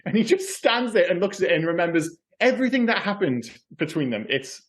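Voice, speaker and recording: A man co-hosting a podcast, chatting casually about a movie in an animated, swearing, ranting manner. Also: high voice, fairly quick. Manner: animated, swears often, goes off on rants. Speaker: podcast co-host.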